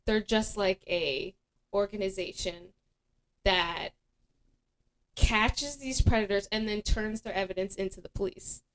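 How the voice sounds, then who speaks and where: Rambling, animated young woman host. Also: medium pitch, unhurried, pauses often. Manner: rambling and animated, full of fillers and laughs. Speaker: podcast host. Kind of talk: casual chat.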